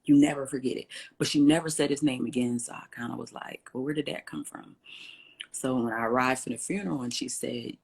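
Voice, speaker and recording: A woman guest in an interview, telling a personal story with lively, acted-out dialogue. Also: rumbling low, brisk, vocal fry, breathy edge. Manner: animated storyteller, acts out quoted dialogue.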